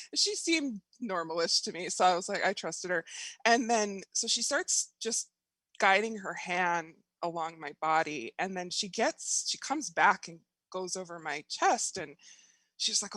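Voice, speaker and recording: A woman guest telling a personal story in casual conversation, animated and laughing often as she acts out her own thoughts. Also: mid-range voice, a little slow, dry recording.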